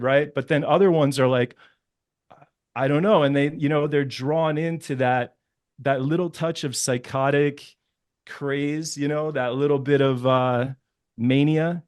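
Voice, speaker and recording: A man's voice: mid-range voice, steady tone, measured pace, no room sound. Man, dating coach, reflective casual talk, searches for words, dry sound. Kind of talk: casual panel chat.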